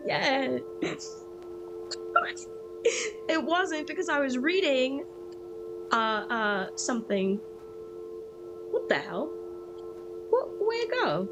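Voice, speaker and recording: A woman streaming a video game, chatting casually and excitably and echoing the game text aloud. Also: high-pitched, slow pace, long pauses. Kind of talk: casual gaming chat. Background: game music.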